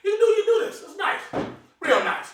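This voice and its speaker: A man's voice: very high voice, big pitch swings, fairly quick. A man doing a profane comedic monologue to camera, brash and boastful, swearing constantly and chuckling often. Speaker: comedic host showing his knives. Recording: echoey room, mic far off, faint noise.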